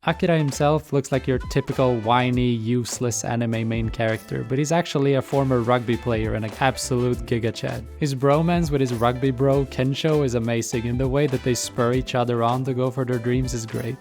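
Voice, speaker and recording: A man's voice: mid-range voice, steady tone, brisk, few pauses, darkish tone, soft background music. Irreverent, swearing man narrating a video essay. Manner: casual and irreverent, swears freely.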